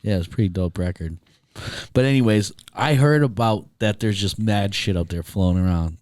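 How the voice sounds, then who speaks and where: A man with a fairly low voice co-hosts a podcast in loose, casual chat. He reacts quickly and swears freely. The recording is dry and close to the mic. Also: a little mellow, no echo. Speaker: podcast co-host.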